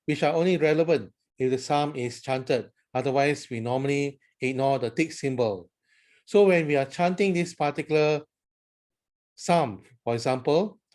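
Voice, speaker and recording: A man who is a priest, explaining how to chant psalms in a slow, careful teaching style. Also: fairly high pitch. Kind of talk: instructional talk with sung chant examples.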